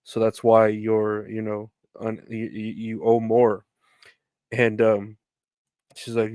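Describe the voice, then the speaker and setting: A man's voice: on the low side, flat delivery, normal speed, a little mellow, clean tone, dry recording, studio quality. A young man hosting a podcast, telling stories in a rambling, casual way with swearing and laughter. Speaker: podcast host. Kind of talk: casual solo storytelling.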